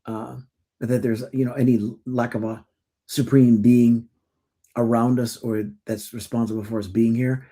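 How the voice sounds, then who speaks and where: A middle-aged man co-hosting a relaxed podcast, his voice dark and mellow. He tells stories casually, often restarting his sentences, and bursts into animated impressions of the people he quotes. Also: medium pitch, moderate pace. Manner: animated storytelling with acted-out quotes; stammering restarts. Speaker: podcast co-host. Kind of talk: casual conversation.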